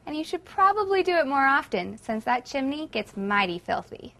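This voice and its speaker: A woman's voice: sits high, big pitch swings, normal speed, background noise. A woman presenting a scripted educational lesson in a friendly, conversational way.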